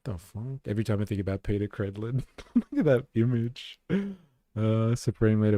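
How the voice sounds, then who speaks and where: A man's voice: on the low side, steady tone, moderate pace, dark tone, no room sound. A man hosting a live stream, commenting casually with sarcasm, swearing, and frequent laughter. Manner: sarcastic, profane, laughs often.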